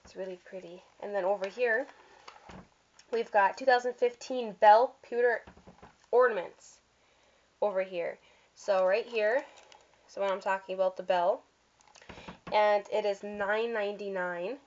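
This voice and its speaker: A vlogger speaks in a steady, mid-range voice at a measured pace, pausing often. Recorded with dull lo-fi sound, she casually walks through a holiday catalog, chatty and gushing, with fillers and little slips.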